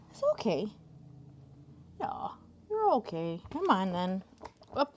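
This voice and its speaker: A woman hosting a casual crafting livestream, chatting with viewers and coaxing her cats in a soft voice. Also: mid-range voice, big pitch swings, moderate pace, long pauses. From Canada.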